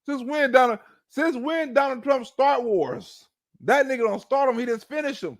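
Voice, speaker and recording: A man's voice: extremely high pitch, lively intonation, moderate pace. A man rants through a profane political monologue. He mocks his targets, keeps a streamer's loose delivery and stops to act out chants in a scornful tone. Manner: mocking, rants and acts out chants.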